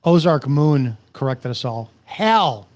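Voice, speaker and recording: A man, a police officer and co-host, chiming in with quick questions and banter. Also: mid-range voice, animated, a little mellow. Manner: quick interjections and laughs. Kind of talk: casual banter.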